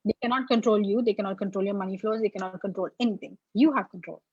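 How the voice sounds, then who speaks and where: A woman guest in a casual conversation, talking in animated storytelling bursts full of "like", heard over a video call. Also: mid-range voice, quick pace, husky, no room sound. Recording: dull, dry, lo-fi sound.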